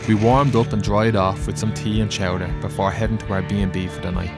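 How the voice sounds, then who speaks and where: A man giving a scripted travel narration in a steady, descriptive way. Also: fairly low pitch, brisk. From Ireland. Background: loud guitar music.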